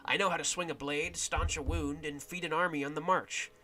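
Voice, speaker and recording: A man's voice: fairly high pitch, steady tone, fairly quick, bright, forceful tone. Man putting on a weathered old camp follower woman. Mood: gruff, worldly. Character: weathered older female camp follower, blunt and shrewd.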